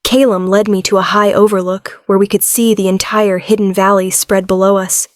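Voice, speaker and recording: A woman reads a romance audiobook in the first person, keeping a steady, level delivery with little melodic movement. Her voice sits in an ordinary middle register. The recording is close and dry. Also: medium pitch, moderate pace, dry recording. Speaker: audiobook narrator.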